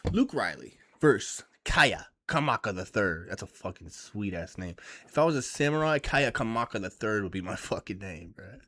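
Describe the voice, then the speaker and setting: A man giving casual, profane and excitable vlog commentary on fight picks, rambling as he goes. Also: medium pitch. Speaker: MMA fight picks YouTuber.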